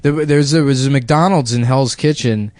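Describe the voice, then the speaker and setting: Young man, podcast co-host, crude rambling anecdotes, middle pitch, dry close mic. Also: moderate pace, darkish tone, no room sound. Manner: profane, rambling storytelling. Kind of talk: crude casual chat.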